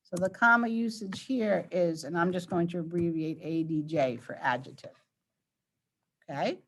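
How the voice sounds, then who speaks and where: A woman's voice: lowish voice, normal speed. A woman teacher leading an online grammar lesson, patiently quizzing her students and walking them through each answer. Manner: patient, coaxing questions to students.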